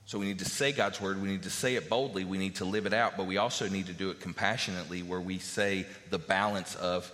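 A man preaches to his congregation in a loose, conversational way, doubling back on his words and dropping in fillers. His voice sits a bit low but carries a bright, forceful edge. The sound rings out with a long reverb, as in a large church. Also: steady tone, a little fast, hardly any pauses. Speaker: pastor. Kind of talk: sermon.

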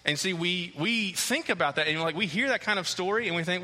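A man in his thirties preaching a sermon, an animated storyteller who acts out the scenes as he tells them. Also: high-pitched, a little fast. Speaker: pastor. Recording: long hall reverb.

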